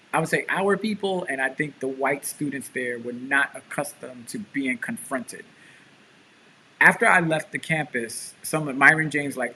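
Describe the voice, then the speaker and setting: A man's voice: mid-range voice, a little hiss or hum, rough recording. A man, a pastor and show co-host, telling a story in casual chat and acting out the quotes. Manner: animated storyteller, acts out quotes.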